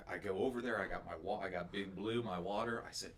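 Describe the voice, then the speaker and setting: A man's voice: low voice, steady tone, fast. A young man co-hosting a podcast, talking in an earnest, encouraging way and sometimes reading scripture. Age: young adult. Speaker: podcast co-host.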